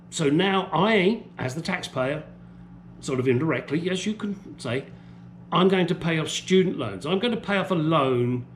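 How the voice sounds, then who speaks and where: A man's voice: medium pitch, a little hiss or hum. A man from the UK delivering an angry, profane opinion rant as a vlogger.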